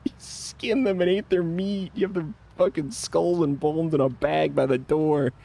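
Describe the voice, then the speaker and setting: A man's voice: a little high, steady tone, a little slow, gravelly, warm tone, pitched above the performer's own voice. A man mimicking his exasperated female partner as she scolds him. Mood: scolding.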